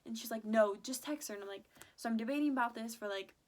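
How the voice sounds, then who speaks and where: A woman's voice: a little high, fast. A young woman vlogger chatting through a story, full of "like" fillers and quoted back-and-forth. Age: young adult. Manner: chatty, animated retelling with many "like" fillers. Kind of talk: casual storytime vlog.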